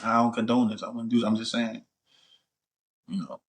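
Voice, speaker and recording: A man's voice: on the low side, fairly even intonation, moderate pace. A man hosting a casual vlog, joking around in loose, laid-back slang. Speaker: vlog host. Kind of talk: casual chat to camera.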